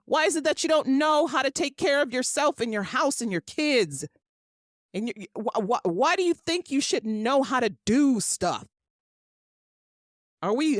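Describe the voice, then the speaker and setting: A woman's voice: on the high side, no echo, clean studio sound. A middle-aged woman hosting her own podcast, ranting emphatically and with exasperation, swearing freely. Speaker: podcast host. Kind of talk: ranting solo podcast monologue.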